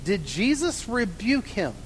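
A man with a drawl and a high voice leads a Bible study class. He poses questions, waits, then answers them himself. The sound rings with long hall reverb over a faint low rumble. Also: sing-song, measured pace. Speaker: Bible teacher.

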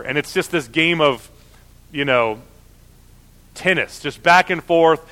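A man's voice: on the high side, slow, pauses often, sharp tone. A man preaching a sermon in a conversational way, often acting out the voices of objectors. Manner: conversational, with frequent fillers and mock voices of objectors.

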